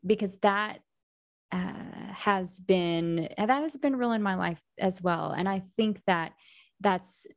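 A woman hosting a casual interview, reflective and halting as she searches for her words. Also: mid-range voice, no room sound, clean studio sound. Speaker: interview host. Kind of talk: casual conversation.

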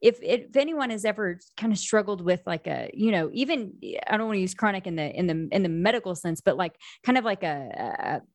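Reflective, halting woman host. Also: mid-range voice, expressive, dry recording, clean studio sound. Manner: reflective, halting, searching for words. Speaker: interview host. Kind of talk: casual conversation.

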